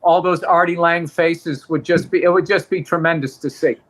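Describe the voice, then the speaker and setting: A man with a high, bright, sharp-edged voice trades sardonic jokes. His casual sports chat is laced with swearing and dry put-downs. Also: steady tone, moderate pace. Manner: sardonic, profane wisecracks. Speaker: podcast co-host.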